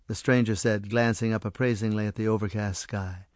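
A man calmly narrating a story aloud. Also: fairly low pitch, normal speed, hardly any pauses, dry recording, clean studio sound. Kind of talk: storybook reading.

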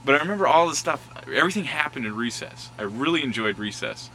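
Visiting the schoolyard of his old school, a man shares childhood memories outdoors, doing voices and sound effects and laughing often. His medium-pitched voice is fast, sharp and lively in intonation, over poor audio with a slight hiss or hum.

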